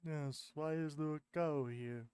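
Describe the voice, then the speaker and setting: A man's voice: fairly high pitch, fairly even intonation, a little slow, a little mellow, clean tone, no echo, close to an everyday voice. Man voicing a whiny, indignant space creature. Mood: grumbling. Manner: complaining, sulky.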